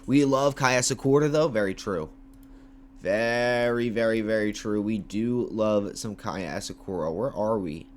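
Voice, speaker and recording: A young man livestreaming casual commentary, talking in hyped, repetitive bursts with slang and shout-outs to viewers. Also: on the low side, unhurried, a little hiss or hum. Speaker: MMA livestreamer.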